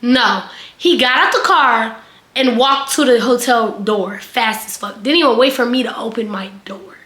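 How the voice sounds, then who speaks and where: A young woman vlogger telling a casual storytime, chatty and animated, full of fillers and swearing. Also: fairly high pitch, moderate pace, roomy sound.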